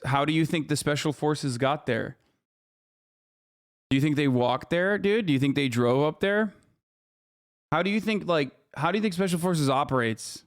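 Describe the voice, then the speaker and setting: A man's voice: fairly high pitch, clean tone, dry recording, studio quality. A man streaming reactions to news clips, ranting in a casual, profane, sarcastic way. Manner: profane, sarcastic, animated rants.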